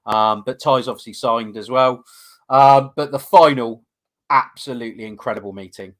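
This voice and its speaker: A man's voice: mid-range voice, moderate pace, a bit bright. A man co-hosting a casual fan podcast, rambling and enthusiastic with lots of fillers. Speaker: podcast co-host.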